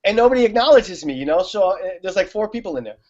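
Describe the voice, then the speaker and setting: A man's voice: high voice, very animated, quick pace, darkish tone. A man guest telling stories in casual conversation, laughing often and using many fillers. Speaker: guest on a talk show. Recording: muffled lo-fi audio.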